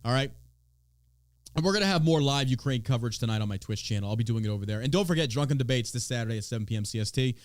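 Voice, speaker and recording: A man's voice: mid-range voice, expressive, rapid-fire, no room sound. A man from Texas hosting a podcast, ranting about politics in a mocking, profane way and swearing freely. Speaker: podcast host.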